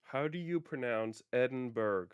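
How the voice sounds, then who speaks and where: A man chatting through a casual gaming livestream, playful and quick to laugh as he talks to his viewers. His voice is smooth and clear, recorded close on the mic in a dry space with no room echo. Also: medium pitch, animated, narrow, tinny audio.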